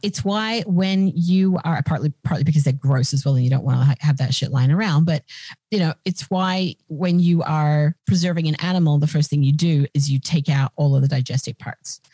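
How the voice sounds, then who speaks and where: A woman's voice: deep voice, brisk, mellow, no room sound. A woman podcast co-host chatting casually and irreverently, explaining with jokes. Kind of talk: casual chat.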